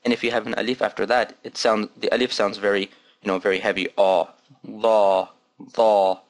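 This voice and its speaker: Patient male teacher, low voice. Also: fairly even intonation, a bit bright. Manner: patient, demonstrates sounds slowly and repeats them. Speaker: Arabic teacher. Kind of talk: recorded language lesson.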